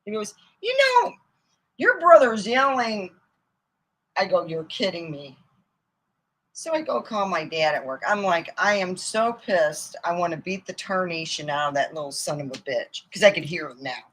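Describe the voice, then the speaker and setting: A woman's voice: sits low, moderate pace, fairly bright tone, rough recording. A middle-aged woman telling rambling, profane comic stories from her own life and laughing at them as she goes. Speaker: comedian. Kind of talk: casual storytelling monologue.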